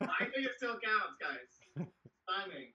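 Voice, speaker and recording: A man's voice: sits high, very animated, a little slow, lo-fi sound, over a noisy crowd. A man in his thirties doing a stand-up comedy set from his home office over a video call, rambling with self-deprecating asides. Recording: distant, noisy video call audio.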